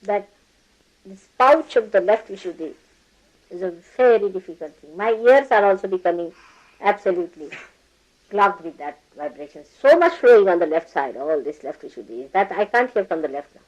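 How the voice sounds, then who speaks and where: A woman's voice: medium pitch, lively intonation, normal speed, rough recording. Older woman giving a teasing spiritual talk. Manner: teasing, scolding, laughs often, acts out quoted people. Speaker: spiritual teacher. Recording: archival talk recording.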